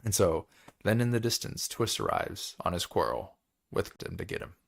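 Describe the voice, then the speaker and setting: Low-voiced tired man recapping a book. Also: very animated, vocal fry, slightly rough. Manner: rambling, filler-heavy, paraphrases characters in quick voices. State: tired, yawning. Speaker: book club host. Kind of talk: casual book chapter recap.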